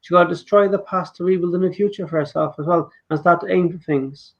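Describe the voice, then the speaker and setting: A man's voice: sits high, fast, creaky. Man reading tarot, slightly muffled sound. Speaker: co-host and tarot reader. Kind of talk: live streamed tarot reading.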